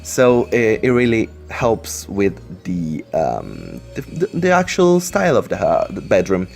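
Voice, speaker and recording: Man, non-native English, low-pitched, rambling game commentary, faint music behind. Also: huge pitch swings, measured pace, vocal fry, darkish tone. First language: not English. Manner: rambling, many fillers and restarts, apologetic. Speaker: Sims speedbuild commentator. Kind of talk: casual voice-over commentary. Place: indoors at home, computer on lap.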